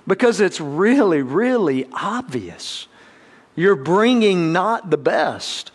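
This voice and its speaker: A man preaching a sermon as the congregation's pastor, his voice sitting high for a man. He takes his time, with slow, deliberate phrasing. When he quotes others, he acts them out and his voice climbs even higher.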